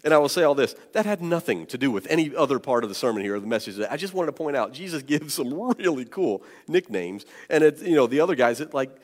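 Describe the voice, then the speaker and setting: A male pastor preaching a sermon to his congregation, animated and joking, with plenty of fillers and restarts. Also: mid-range voice, fast talker, few pauses. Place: church sanctuary. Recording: long church hall reverb.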